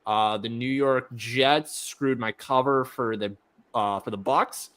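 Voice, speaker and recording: A man co-hosts a casual sports betting podcast. He runs ruefully through his bad weekend of bets in a quick rundown, with a middle pitch. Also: steady tone, fairly bright tone. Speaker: podcast co-host.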